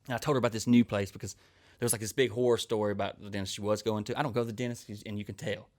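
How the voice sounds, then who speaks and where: A man's voice: fairly low pitch, fairly even intonation, very fast, a little mellow. A man, a comedian hosting a podcast and telling crude, rambling stories full of swearing. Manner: crude, rambling, swears constantly, acts out quoted people. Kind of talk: profane storytelling monologue.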